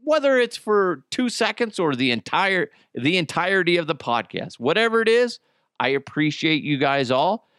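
A man talks his way through a solo comedy podcast, rambling and making jokes at his own expense. His mid-range voice is very lively and swoops up and down. The recording is dry and close. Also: on the high side, moderate pace, smooth, no echo. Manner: rambling, joking, self-deprecating, swears a lot. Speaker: podcast host.

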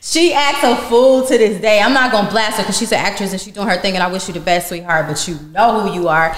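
A woman's voice: on the low side, quick pace, hardly any pauses, fairly bright tone. A woman guest on a podcast telling a story casually and candidly, laughing as she goes. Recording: roomy reverberant room.

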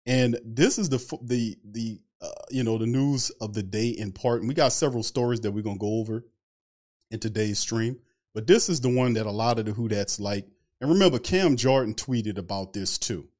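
A man with a lowish, slightly mellow voice runs a casual sports livestream at a moderate pace. Loose and talkative, he greets viewers from the chat by name.

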